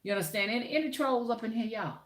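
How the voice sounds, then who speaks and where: A woman's voice: on the high side, fast talker. Chatty woman livestreaming in an echoey room. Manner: chatty, preachy, greets viewers by name. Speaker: spiritual rootworker hosting a livestream. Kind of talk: casual livestream talk.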